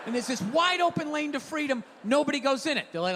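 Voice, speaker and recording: A male stand-up comedian ranting profanely in a live set, swinging from mumbled asides to shouting. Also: extremely high pitch, animated, quick pace, hardly any pauses. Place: theater stage before a live audience. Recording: live hall with crowd noise. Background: crowd laughing and applauding.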